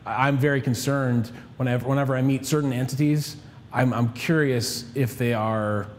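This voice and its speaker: A man's voice: mid-range voice, fairly even intonation, moderate pace, long reverb tail. A man hosting a casual panel talk, often restarting his words and wandering into asides.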